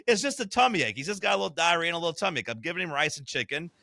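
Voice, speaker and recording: Man, podcast co-host, blunt, profane, joking, bright voice, dry close sound. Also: a little high, very animated, racing, gravelly, no echo. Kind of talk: casual chat.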